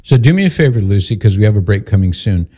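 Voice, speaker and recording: A man hosting a call-in radio show, speaking in a calm, measured way as he steers the caller. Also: lowish voice, a little hiss or hum. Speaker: radio talk show host.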